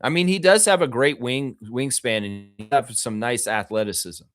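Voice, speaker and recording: A man hosting a live basketball podcast, chatting and joking in an animated way with his viewers. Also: mid-range voice, moderate pace. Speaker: host of a basketball podcast livestream. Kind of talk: casual live commentary and chat.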